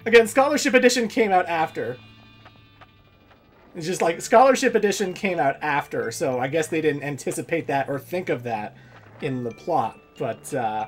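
A woman's voice: sits low, animated, normal speed, faint music behind. A woman casually commentating a video game playthrough, chatty and giggly, saying "like" a lot. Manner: chatty, giggly, says "like" often. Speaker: let's play host.

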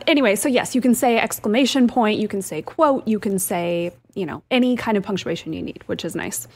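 A woman co-hosting a radio show, upbeat, explaining tips step by step. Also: medium pitch. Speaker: co-host. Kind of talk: casual radio show chat.

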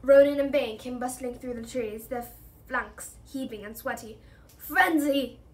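A woman reading a novel aloud in a steady storytelling manner, with a few slips. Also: fairly high pitch, moderate pace. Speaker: reader.

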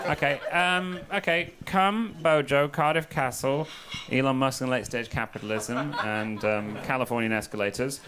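A man's voice: medium pitch, moderate pace. A man doing live comedy freestyle rap at a gig, bantering with the crowd and then rapping in rhythm. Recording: live beat under the voice. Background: live hip-hop beat.

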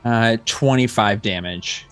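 A man playing a tabletop game, describing his character's moves in a hesitant, halting way with repeated words. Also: fairly low pitch, fairly bright tone, clean tone, soft background music. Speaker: player. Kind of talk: tabletop role-play.

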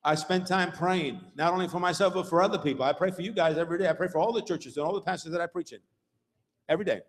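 In a long-reverberating church hall, a pastor preaches to his congregation in a high-pitched voice, talking fast. His delivery is rhythmic and emphatic, and he keeps checking in with the crowd through shouts of "Hello?" and "Huh?" from the sanctuary.

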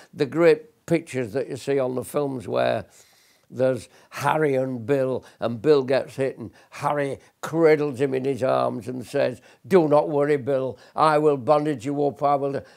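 A man's voice: mid-range voice, gravelly, darkish tone. An older man, a military veteran, recalling combat in a blunt, earnest documentary interview, often restarting his sentences. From Britain.

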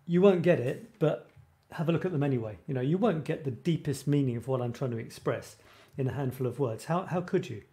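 Rambling, mellow-voiced male host. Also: medium pitch, fairly quick, hardly any pauses. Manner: rambling, self-interrupting, laughs at himself. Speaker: host of a creative writing show. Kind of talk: casual live-stream chat.

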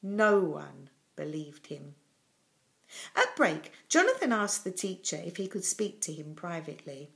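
A woman reading a children's storybook aloud as storyteller, with an expressive, clear delivery. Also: fairly low pitch, a little slow.

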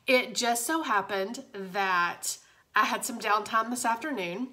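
A woman's voice: a little high, measured pace, bright, forceful tone. A young woman, chatting casually and confidingly to viewers in a motivational vlog from her home office. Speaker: direct sales director.

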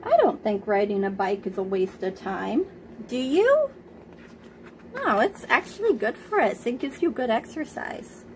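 A woman reads a picture book aloud to preschoolers, taking her time over each line. She speaks gently and keeps stopping to ask the children questions, in a fairly high voice. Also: big pitch swings, unhurried, slight background noise.

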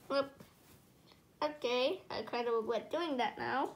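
A woman performs every role in a homemade cartoon, in a high voice. She keeps breaking into frantic yelps and cries of pain between her lines. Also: fairly even intonation, takes it slowly, pauses often. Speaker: fan animator voicing all characters.

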